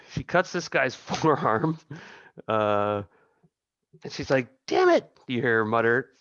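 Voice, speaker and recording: Slow-talking man running a tabletop game. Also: medium pitch, fairly bright tone, no echo, highs cut off. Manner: chuckling, halting narration with many restarts. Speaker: game master.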